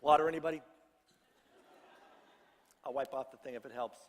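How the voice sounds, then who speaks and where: A man's voice: mid-range voice, steady tone, normal speed, big-room sound, slight background noise. A middle-aged male pastor giving a conversational sermon, joking with his congregation. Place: church sanctuary.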